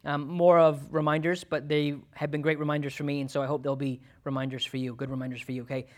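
A man's voice: fairly high pitch, flat delivery, quick pace. A man preaching a sermon in an emphatic, conversational way, often checking in with "okay?" and "right?". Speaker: pastor.

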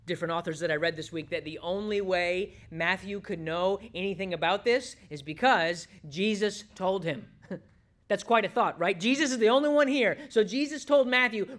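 A man preaching a sermon, swinging between loud emphasis and hushed asides as he acts out quoted voices. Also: sits high, normal speed. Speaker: pastor.

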